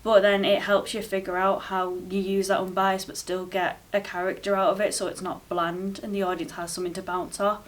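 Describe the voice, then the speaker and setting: A woman's voice: medium pitch, level tone, fairly quick, few pauses, recorded from a distance. A woman drama student explaining a project plan in rambling, filler-heavy casual talk.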